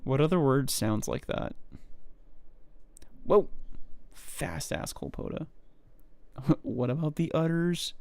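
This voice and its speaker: A man's voice: fairly high pitch, slow pace, gravelly, pauses often, darkish tone, dry recording. A male streamer chatting loosely while he works at a microscope, rambling, swearing freely and toying with how words sound. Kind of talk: casual live-stream chat while looking through a microscope.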